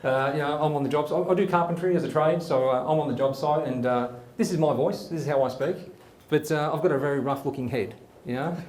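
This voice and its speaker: A man's voice: fairly high pitch, fast talker, darkish tone, reverberant, a little hiss or hum. Chatty man hosting live comedy. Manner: rambling, chatty, many fillers. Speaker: comedy show host. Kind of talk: live stand-up storytelling. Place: studio before a live audience.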